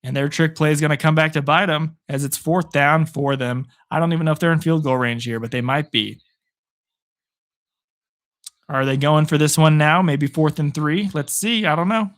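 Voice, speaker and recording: A young man from Arizona, hoarse after a long day, casually calling football play by play on a live stream and chatting with viewers, rising with excitement on big plays. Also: fairly high pitch, normal speed. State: hoarse, voice worn out.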